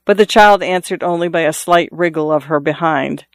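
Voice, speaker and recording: A man reading a novel aloud in a measured storytelling manner, lifting his voice for characters' calls. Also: no echo, studio quality. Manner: measured storytelling, lifts pitch for quoted calls. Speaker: audiobook narrator. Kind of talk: scripted narration.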